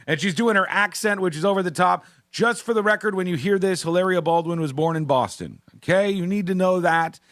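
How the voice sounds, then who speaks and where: A man's voice: high voice, brisk, few pauses, fairly bright tone, no room sound, clean studio sound. A man hosting a radio talk show, telling a celebrity story in a mocking, exasperated way and laughing along. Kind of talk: animated radio chat about celebrity news. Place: radio studio.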